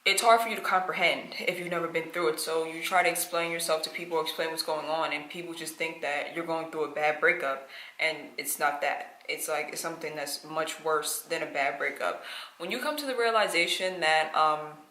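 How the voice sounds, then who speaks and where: A woman's voice: low voice, brisk, sharp tone, echoey room, poor audio. A woman telling her own story to the camera in a candid personal vlog, her speech full of "like" and "um" fillers. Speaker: vlogger.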